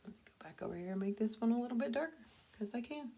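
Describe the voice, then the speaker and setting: A woman's voice: a little high, animated, quick pace, vocal fry, mellow. A middle-aged woman talking casually through a makeup tutorial from her bathroom, correcting herself as she demonstrates. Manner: chatty, self-correcting, demonstrating as she goes. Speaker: makeup consultant. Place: home bathroom. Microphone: camera mic.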